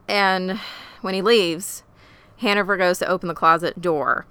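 A woman co-hosting a casual podcast, recapping a TV episode with animated, profane, emotional reactions. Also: on the low side, normal speed, clean tone. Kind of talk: casual chat.

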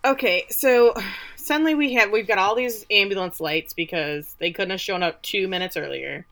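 A woman's voice: mid-range voice, moderate pace, a bit bright. A woman co-hosting a podcast, recapping a TV episode with blunt, sarcastic commentary. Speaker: podcast co-host. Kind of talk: casual TV recap chat.

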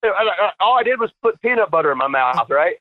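Brief: older man guest, cursing storyteller, fairly high voice, thin phone-line sound, dry. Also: big pitch swings, fast, no echo. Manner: profane, rambling and laughing through stories. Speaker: guest, retired wrestler and trainer. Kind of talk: casual storytelling interview.

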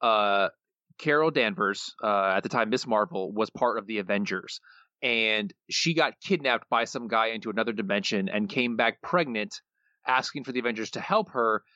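A man's voice: fairly low pitch, normal speed, sharp tone, no echo. Dry, laconic man on dull podcast audio. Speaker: podcast co-host. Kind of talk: casual podcast chat.

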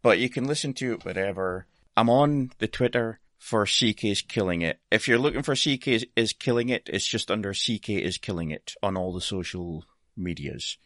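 A man's voice: on the low side, normal speed, hardly any pauses, a bit bright, dry recording, studio quality. A Scottish man chatting casually on a podcast, laughing often and swearing in a self-deprecating way. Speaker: podcast guest presenter. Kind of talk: casual chat.

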